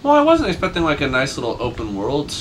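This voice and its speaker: A man's voice: mid-range voice, huge pitch swings, fast, a crowd in the background, poor audio. A man co-hosting a video game let's play, chatting casually and playfully with friends. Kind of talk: casual gaming chat.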